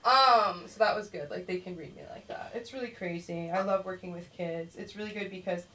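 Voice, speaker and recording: A woman's voice: lowish voice, fairly even intonation, brisk. A woman doing a rambling stand-up set at an open mic, acting out kids and herself in voices. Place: small comedy club stage. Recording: distant room mic with faint noise.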